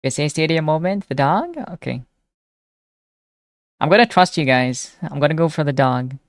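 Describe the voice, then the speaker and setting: A woman's voice: sits low, moderate pace, no echo. Chatty young woman streamer, dry close sound. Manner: chatty, reads chat aloud and answers it, excitable. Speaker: live streamer. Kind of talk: casual chat reacting to viewers.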